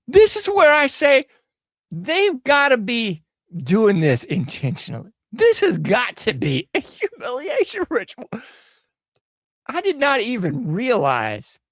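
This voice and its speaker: A man's voice: very high voice, huge pitch swings, slow, fairly bright tone, no room sound, studio quality. A man hosting an online show, giving casual, mocking commentary on news clips in a slangy, laughing manner.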